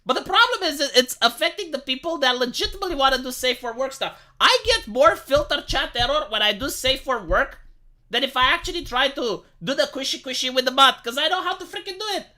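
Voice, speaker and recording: A man rants to his live-stream chat in a bright, edgy voice. His pitch swings widely as he talks. He swears often and trips over repeated words when he gets heated. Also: lively intonation, brisk. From Romania. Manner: profane, stammering, repeats words when worked up. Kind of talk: casual ranting chat to live viewers.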